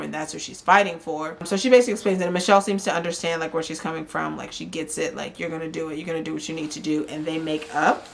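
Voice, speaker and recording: A woman's voice: lowish voice, a bit bright. A woman giving a chatty, opinionated recap of a reality show, often slipping into quoted voices of the cast. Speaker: recap vlogger. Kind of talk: casual chat.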